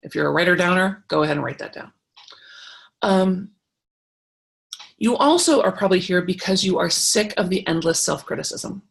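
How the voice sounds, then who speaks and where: A woman's voice: lowish voice, moderate pace, vocal fry, long pauses. A middle-aged woman teaching a creativity workshop, talking in an encouraging, chatty way with fillers and restarts. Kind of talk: live online workshop talk.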